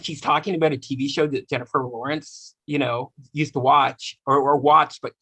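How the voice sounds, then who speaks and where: A man's voice: medium pitch, steady tone, moderate pace, pushed and bright, slightly rough. A man talking as a podcast guest in casual chat, telling stories bluntly and giving strong opinions.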